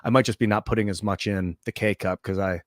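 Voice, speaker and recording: A man's voice: fairly low pitch, steady tone, quick pace, no echo, studio quality. A man in his thirties chatting casually while streaming a game, rambling and reflective as he reads chat aloud.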